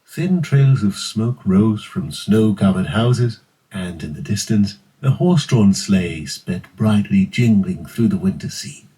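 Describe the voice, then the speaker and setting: A man with a British accent reads a fairy tale in a measured storybook cadence. His voice sits very low and sounds dark and mellow. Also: expressive, low-quality recording. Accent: British English. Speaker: voice actor. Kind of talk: scripted fairy tale narration.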